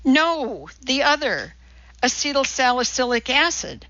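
A woman's voice: sits high, very animated, a little slow, sharp tone, no room sound, pitched above the performer's own voice, exaggerated voice. A woman narrator voicing a chirpy, pushy female studio assistant, in a dry, dull lo-fi recording.

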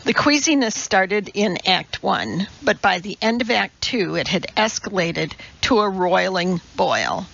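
A woman narrating an audiobook novel in a measured, even way. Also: mid-range voice, creaky. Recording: dull lo-fi audiobook recording.

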